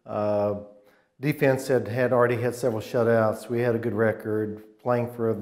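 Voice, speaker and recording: This casual interview features a 60-something former college football player, now an alum guest, who wanders through his recollections, restarting sentences and perking up at key plays. He talks at a moderate pace in a mid-range voice, with noticeable echo from the room.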